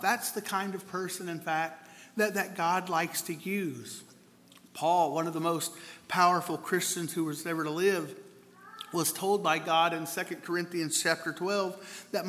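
A man's voice: on the high side, bright, forceful tone. A man preaching a sermon in an earnest way, often repeating the first words of a phrase as he tells stories. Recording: long hall reverb, faint room noise.

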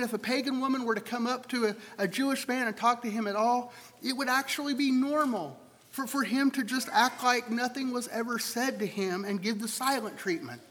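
High-voiced man preaching in a reverberant hall. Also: a bit bright. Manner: conversational, repeats words while thinking aloud. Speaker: pastor. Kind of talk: sermon.

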